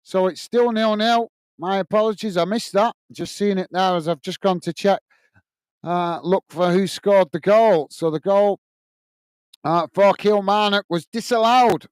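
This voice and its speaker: Male watch-along host, high clean voice, dry close mic, easygoing match chat. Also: a little slow, clean tone, dry recording. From United Kingdom. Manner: friendly, reads out viewer messages, frequent "mate" and "uh" fillers; excited goal call. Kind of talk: live football watch-along commentary and chat.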